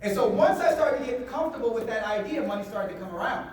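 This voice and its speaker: A man giving a motivational seminar talk to a live audience, animated, repeating phrases and getting the crowd to answer back. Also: very high voice, quick pace, a little hiss or hum. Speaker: motivational speaker. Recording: echoey hall, voice from a distance.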